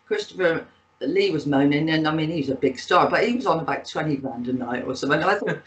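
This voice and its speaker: A woman's voice: sits low, quick pace, dull audio. A woman in her sixties with a Bristol accent, telling rambling anecdotes as a guest in a casual interview, with plenty of fillers. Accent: Bristol English. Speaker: guest, actress and author.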